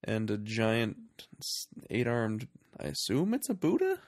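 A man's voice: medium pitch, wildly swooping pitch, unhurried, dry recording, studio quality. A man hosting a casual movie podcast, wry and jokey in his commentary. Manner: wry, jokey, slips into mock voices. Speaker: podcast host.

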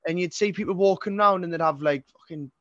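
Talking fast in a high-pitched, fairly bright voice, a twenty-something Geordie man chats casually as an interview guest. He's a singer-songwriter from North East England who swears, rambles and keeps restarting. The audio is dry and dull.

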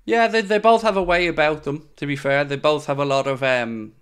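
A young man with a fairly high, smooth, fairly bright voice speaks briskly. As a podcast host, he reads out live-chat comments and riffs on them casually and opinionatedly, with plenty of fillers and asides.

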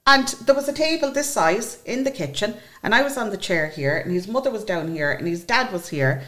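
Speaking briskly at a medium pitch, an Irish woman in her forties shares a personal story as a guest on a podcast. She's emotional and animated, voicing the words of others as she goes.

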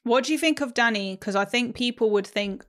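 A woman's voice: on the high side, fairly quick, fairly bright tone. A woman co-hosting a podcast, blunt and opinionated in casual chat. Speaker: podcast co-host.

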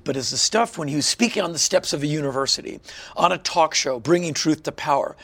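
Gravelly animated storyteller, man in his 50s. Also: mid-range voice. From Washington, D.C., USA. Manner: animated storyteller who acts out other people's lines. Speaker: guest. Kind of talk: casual interview chat.

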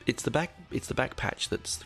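A man's voice: moderate pace, a bit bright, soft background music. A middle-aged man hosting a casual solo podcast, rambling and candid, correcting himself often, with dry asides. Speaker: podcast host.

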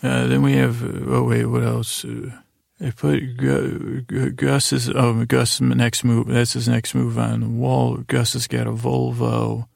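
A man with a heavily gravelly, creaky voice rambles through a story recap in a flat, even tone. His delivery meanders with fillers and restarts, and the sound is dry and close. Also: mid-range voice, measured pace, no echo. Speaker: sleep podcast host. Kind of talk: slow rambling episode recap.

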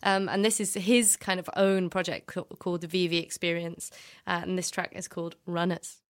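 A woman's voice: fairly low pitch, little pitch movement, moderate pace. A young woman from the UK hosting a casual radio chat and interview, talking with plenty of fillers and giggles, recorded at home under a blanket. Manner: chatty, giggly, lots of fillers. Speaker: radio show host.

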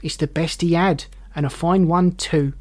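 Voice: mid-range voice, steady tone, moderate pace, darkish tone, natural voice. Boastful coarse old woman, defensive, storybook reading, read by the narrator. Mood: brash. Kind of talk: audiobook character voice.

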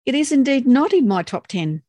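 A woman's voice: sits high, big pitch swings, moderate pace, warm tone, no room sound. Woman co-host, dry close sound. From Australia. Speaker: podcast co-host. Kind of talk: casual chat and trivia quizzing.

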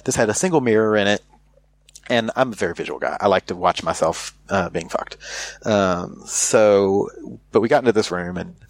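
A man's voice: on the low side, dry recording. An American man telling a candid story in casual chat, rambling with many fillers and restarts. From United States.

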